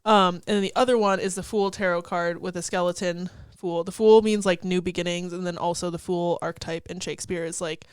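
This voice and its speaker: A woman's voice: lowish voice, fairly even intonation, a little fast, few pauses, smooth, no room sound. Swearing, chatty young woman podcaster. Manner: swears freely and laughs often. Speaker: podcast co-host. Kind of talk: casual chat.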